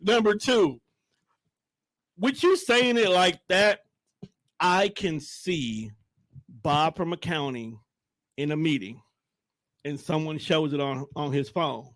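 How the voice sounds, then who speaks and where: A man's voice: fairly high pitch, lively intonation, takes it slowly, pauses often, fairly bright tone, dry recording. Man with a raised voice, easygoing podcast talk. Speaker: podcast co-host. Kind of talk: casual podcast banter.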